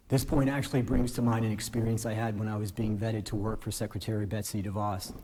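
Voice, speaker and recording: A man in his forties, a newly appointed justice, giving a formal ceremonial speech from a podium in a courtroom, earnest and gently self-deprecating. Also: lowish voice, slight background noise, poor audio.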